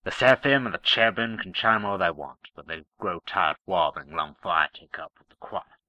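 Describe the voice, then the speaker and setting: A man voicing a gruff, blunt starship captain in a skeptical, dry drawl, read as part of an audiobook-style story. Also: sits low, a little fast, bright, forceful tone, no echo, lo-fi sound. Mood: wry.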